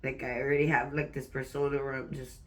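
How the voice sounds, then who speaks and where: Far from the microphone, a woman with a very deep, level voice vents on her personal vlog while trying not to cry. She swears often and keeps stopping to begin her sentences again.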